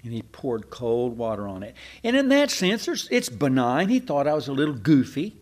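A man's voice: mid-range voice, huge pitch swings, moderate pace, a little mellow. An older man preaching a sermon, telling church history as stories with asides and restarts.

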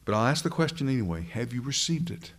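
A man's voice: medium pitch, very animated, fast. A man pastor preaching a sermon, earnestly addressing his congregation directly.

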